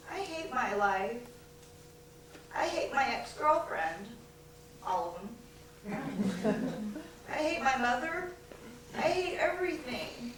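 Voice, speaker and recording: A woman playing a sardonic, neurotic daughter on stage. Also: high voice. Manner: sardonic, self-mocking. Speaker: stage performer in a one-woman musical. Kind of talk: musical theatre singing and comic monologue. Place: theater stage. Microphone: distant stage recording. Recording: echoey live theater recording from far off.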